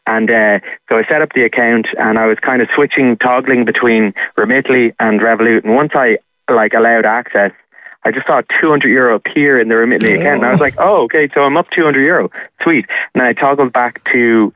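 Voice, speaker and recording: A man's voice: medium pitch, steady tone, a little fast, no echo. A man, a journalist, calling into a radio show and telling a long story with lots of fillers and acted-out quotes. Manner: rambling, many fillers, acts out quoted dialogue. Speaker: journalist caller. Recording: tinny phone line.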